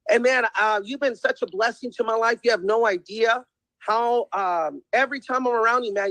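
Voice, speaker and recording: A man's voice: extremely high pitch, pushed and bright, no echo, low-quality recording. A man giving an emphatic motivational pep talk, repeating himself and calling the viewers guys. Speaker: testimonial speaker.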